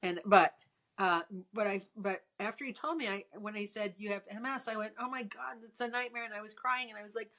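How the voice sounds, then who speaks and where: A woman's voice: mid-range voice, a little fast, fairly bright tone. A woman in her sixties in casual conversation, telling a personal story with frequent restarts. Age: 60s. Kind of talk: casual chat.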